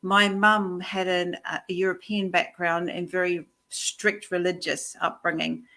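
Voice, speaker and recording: Middle-aged Kiwi woman, lowish voice. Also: flat delivery, unhurried, sharp tone. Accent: New Zealand. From New Zealand. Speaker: guest, coach. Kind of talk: casual interview chat.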